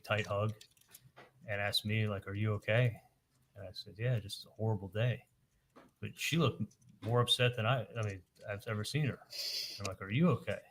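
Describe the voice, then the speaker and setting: A man on the witness stand, recounting events haltingly and quoting the dialogue in detail. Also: fairly low pitch, background noise. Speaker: witness testifying at a trial. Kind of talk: courtroom testimony.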